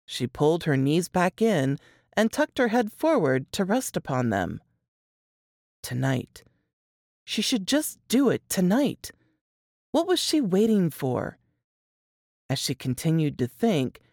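Low-voiced woman reading a story slowly. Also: dry recording, studio quality. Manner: expressive, measured storytelling. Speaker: author reading her story. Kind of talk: dramatic fiction reading.

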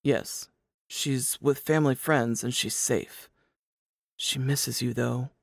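Woman narrator doing a quiet, guarded man from a spy novel in an audiobook reading, speaking low and hushed with a restrained, even manner. His voice is deep and unhurried, kept dry and close. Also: gravelly, dry recording, heavily acted.

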